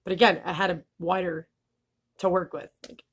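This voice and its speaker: A woman's voice: lowish voice, steady tone, normal speed, breathy edge, dull audio. Candid woman vlogger with a slight lisp. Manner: candid, laughing, swears freely. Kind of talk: casual vlog talk.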